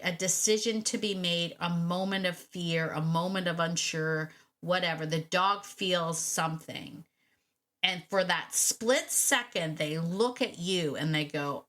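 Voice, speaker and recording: Brief: woman dog-trainer host, slightly low voice, animated coaching talk, repeats points for emphasis. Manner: animated, repeats key phrases, acts out quick quoted thoughts; direct and encouraging, addresses listener as you. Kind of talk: solo podcast coaching talk.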